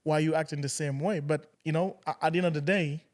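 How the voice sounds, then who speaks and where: A young man co-hosting a podcast, talking casually in loose, halting sentences with many restarts. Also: fairly high pitch, fairly even intonation. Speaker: podcast co-host. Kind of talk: casual chat.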